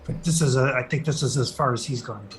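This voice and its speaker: A man playing a character in a tabletop game, talking in a relaxed, chatty way. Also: mid-range voice, quick pace. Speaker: player. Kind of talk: casual tabletop play. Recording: audible background noise.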